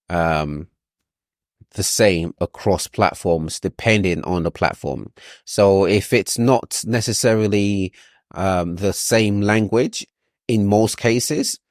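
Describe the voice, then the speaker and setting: A man's voice: fairly low pitch, darkish tone, dry recording, studio quality. A man advising a client on a video call, explaining patiently with frequent ums and restarts. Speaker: SEO consultant.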